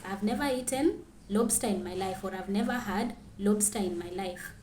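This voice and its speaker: A woman teaching a grammar lesson, clearly reading out French example sentences and then translating them. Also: medium pitch, moderate pace, a little mellow, reverberant, a little hiss or hum.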